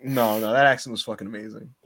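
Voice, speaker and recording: A man co-hosting a casual wrestling podcast, joking, animated and laughing often. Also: on the low side, fast talker. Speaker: podcast co-host.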